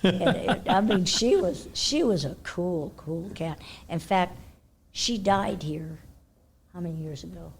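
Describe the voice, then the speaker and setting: An older woman from California tells a rambling story as an interview guest, her voice husky and a bit low. She laughs often and drops to a near whisper when voicing her own thoughts. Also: lively intonation, unhurried. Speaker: interview guest, horse trainer. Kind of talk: casual storytelling.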